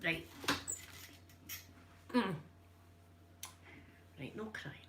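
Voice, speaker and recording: A woman's voice: on the low side, expressive, very slow, a bit bright, a little hiss or hum. A Scottish woman hosting a chatty live stream while ironing, emotional and tearful, greeting her viewers by name.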